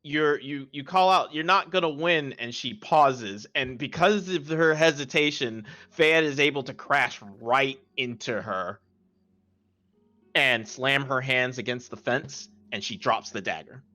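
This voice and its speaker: A man narrating as game master of an online tabletop game, halting and restarting his phrases. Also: medium pitch, pushed and bright.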